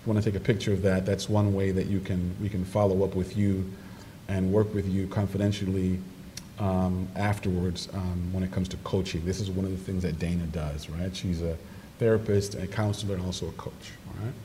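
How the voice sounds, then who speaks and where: A man preaching a sermon, animated storytelling that jumps into excited quoted voices. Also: low voice, brisk. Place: church sanctuary. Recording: distant microphone in a reverberant church hall with noise.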